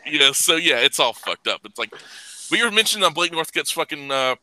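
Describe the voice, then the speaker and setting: A man hosting a casual podcast chat, ranting with heavy profanity and bursting into loud laughs. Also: fairly high pitch, big pitch swings, fairly quick, dry recording, rough recording. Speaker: podcast host.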